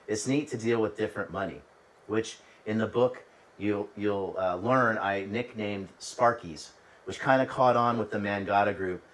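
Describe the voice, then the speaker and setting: A man's voice: on the low side, recorded from a distance, rough recording. A man hosting a travel channel, telling stories in a conversational way with restarts and asides to the listener. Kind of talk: casual storytelling monologue.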